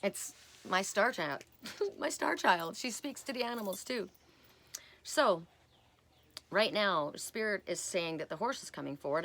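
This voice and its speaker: Her voice low yet fairly bright, a woman does a relaxed oracle card reading. She wanders into personal tangents as she talks, tacking "right?" onto many of her points.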